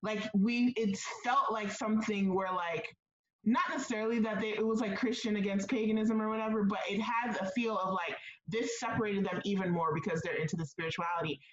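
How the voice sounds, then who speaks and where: A woman's voice: medium pitch, steady tone, fairly quick. Woman co-host, blunt and emphatic, roomy and slightly dull audio. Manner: emphatic, blunt, laughs readily. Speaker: podcast co-host. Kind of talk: casual movie review chat.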